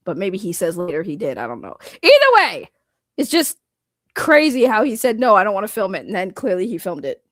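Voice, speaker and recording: A woman giving casual reaction commentary, animated and blunt, laughing often with slangy talk. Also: medium pitch, moderate pace, no echo, clean studio sound. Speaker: reaction streamer.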